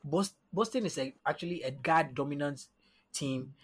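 A husky man's voice, on the high side and at normal speed, breaks down basketball matchups as a guest analyst on a casual sports podcast. He walks through numbers step by step, often asking "you understand?".

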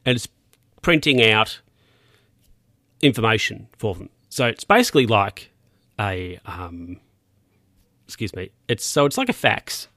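A man's voice: on the low side, lively intonation, a little slow, long pauses, bright, forceful tone, dry recording, clean studio sound. A man casually recapping a film scene by scene, rambling and correcting himself with plenty of fillers.

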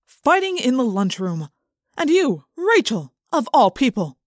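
A woman's voice: high voice, big pitch swings, a little slow, no room sound, studio quality, pitched above the performer's own voice, full character voice. A woman voicing a stern middle-aged male assistant principal who speaks in a demanding tone.

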